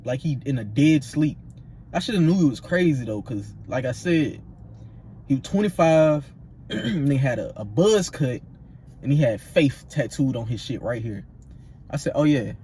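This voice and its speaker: A man in his twenties telling a story in an animated, slangy way, repeating himself for emphasis. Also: fairly high pitch, normal speed, a little hiss or hum. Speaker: vlogger. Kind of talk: storytime vlog.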